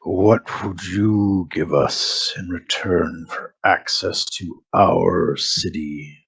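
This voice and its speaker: A man voicing an orc shaman who speaks slowly and with menace. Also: low-pitched, fairly even intonation, creaky, a bit bright, husky, voice pushed down, exaggerated voice. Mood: menacing. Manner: slow, drawn-out speech.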